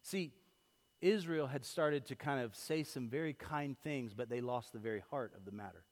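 A man preaching a sermon as pastor, telling everyday stories in a lively way that swings from loud to hushed. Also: medium pitch, normal speed. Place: church sanctuary. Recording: long hall reverb.

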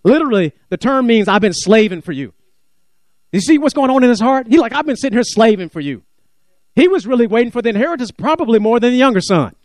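A man preaching a sermon, animated, acting out biblical speakers and asking the congregation questions. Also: very high-pitched, fast, no room sound, studio quality. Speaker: pastor.

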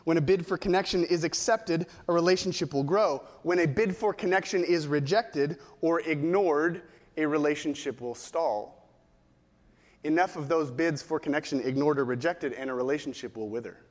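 Male pastor, middle-aged, sermon, high voice, storytelling, long hall reverb. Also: moderate pace. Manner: storytelling with acted quotes.

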